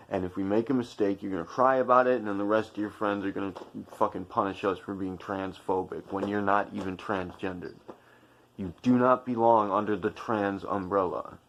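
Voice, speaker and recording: A man's voice: on the low side, steady tone, brisk. A man delivering a heated, profane opinion monologue to his viewers, preachy and confrontational. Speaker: channel commentator.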